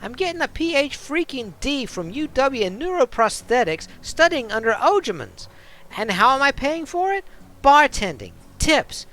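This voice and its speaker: A man's voice: extremely high pitch, big pitch swings, normal speed, pushed and bright, voice pushed up, full character voice. A man voicing a tough, streetwise female elf bartender with a put-on New York accent. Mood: defiant. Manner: sassy, defiant.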